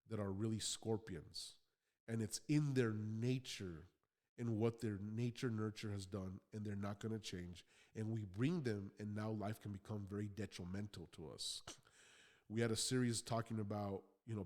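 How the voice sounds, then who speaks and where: A man's voice: lowish voice, darkish tone. Blunt male motivational podcast host. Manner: blunt, conversational, occasional swearing.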